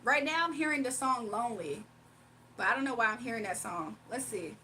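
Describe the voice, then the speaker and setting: Sassy high-voiced woman. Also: lively intonation, a little fast, bright, forceful tone, far from the mic, slight background noise. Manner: sassy, blunt trash talk with frequent laughs. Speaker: tarot reader streaming live. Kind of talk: casual livestream chat, reading comments aloud.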